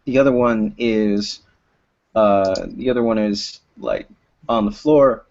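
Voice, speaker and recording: A man narrating as game master of a tabletop role-playing game, hesitant and full of fillers. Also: mid-range voice. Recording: dull lo-fi recording.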